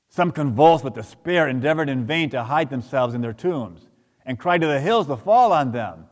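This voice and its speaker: A man reading a dramatic account aloud during a sermon, in a solemn and dramatic manner. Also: mid-range voice. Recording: long hall reverb.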